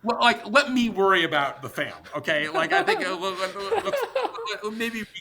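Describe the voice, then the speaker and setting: A middle-aged man, a podcast guest, telling an animated story in an emphatic, exasperated way, blunt and sometimes profane, talking in rapid bursts full of restarts. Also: high-pitched, a crowd in the background. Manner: talks in rapid bursts with many restarts and fillers. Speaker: podcast guest, tech company co-founder.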